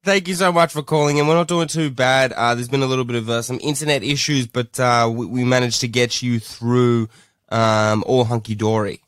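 A man's voice: medium pitch, fairly even intonation, moderate pace, fairly bright tone, clear, resonant tone, no room sound, clean studio sound. A man co-hosting a comedy podcast, hesitant and full of filler words as he plays along with a caller. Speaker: podcast co-host.

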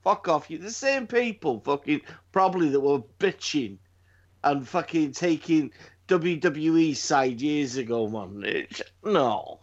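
A man's voice: on the high side, animated, measured pace. A man, co-hosting a podcast in casual chat, ranting and swearing freely. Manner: profane, ranting. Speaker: podcast co-host. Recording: slightly dull lo-fi sound.

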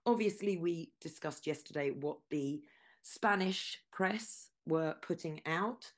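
A woman's voice: sits low, takes it slowly. A woman with a Scouse accent hosting a casual news show, chatty with sarcastic asides.

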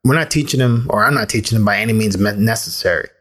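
A man's voice: on the low side, quick pace, a bit bright. A man in his thirties, from the United States, giving a candid, rambling personal monologue as a podcast host, with frequent restarts.

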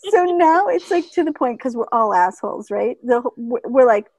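A middle-aged woman telling a funny family story in casual chat, animated and laughing often, mimicking relatives in higher voices. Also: normal speed, dry recording. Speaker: storyteller in a conversation; teacher.

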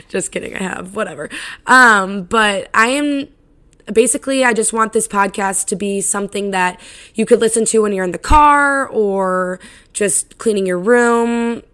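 Raspy young woman chatting loosely. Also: mid-range voice, normal speed, fairly bright tone. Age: 20s. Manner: rambling, loose and profane, lots of "like". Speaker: podcast host. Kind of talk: casual solo podcast chat.

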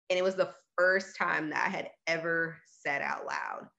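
A woman in her thirties shares her own story in a relaxed conversation. Her voice sits a little low, and she talks candidly and earnestly, speeding up in bursts and leaning on fillers as she goes. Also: fairly quick, few pauses, lo-fi sound. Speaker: guest sharing her story.

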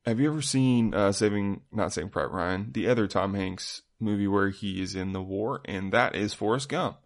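A man's voice: lowish voice, moderate pace. A man in his thirties co-hosting a podcast, joking and teasing, telling tall tales with a straight face. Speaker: podcast co-host. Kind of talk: casual chat.

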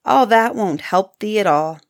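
A woman voicing a cruel, sly old witch in a fairy-tale reading, switching between sweet luring and shrill, mocking commands. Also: expressive, unhurried. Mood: cruel commanding.

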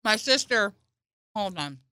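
Bright bubbly woman chiming in on a comedy podcast, swoopy pitch. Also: lively intonation, no room sound, clean studio sound. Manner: quick interjections, playful quote voices. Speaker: podcast co-host. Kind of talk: casual comedy podcast chat.

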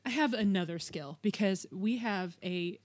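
A woman co-hosting a comedy podcast, retelling things with sarcastic, animated flair in casual chat. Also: medium pitch, moderate pace. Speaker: podcast co-host.

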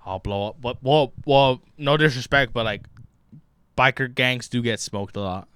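A young man co-hosting a casual podcast in a room, joking and swearing, sometimes mumbling low and sometimes breaking into loud outbursts. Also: unhurried, clear, resonant tone, no echo. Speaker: podcast co-host. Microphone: close mic in a bedroom.

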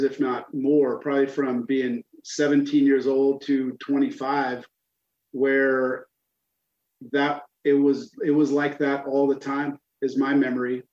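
A man's voice: medium pitch, a little mellow. A man telling rambling stories as a podcast guest, often laughing at his own memories. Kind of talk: casual storytelling. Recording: echoey, dull lo-fi sound.

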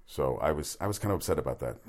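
Deep-voiced new guy doing a rambly sports talk show, blunt, cusses, keeps restarting. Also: lively intonation, racing, a little mellow. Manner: meandering, blunt, swears, many restarts. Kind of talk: rambling casual monologue.

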